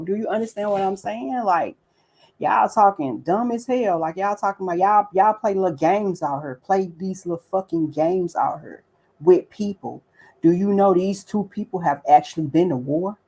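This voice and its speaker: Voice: mid-range voice, moderate pace, darkish tone, low-quality recording. A livestream host giving casual commentary, ranting with profanity and repeated rhetorical questions, and greeting viewers by name between points.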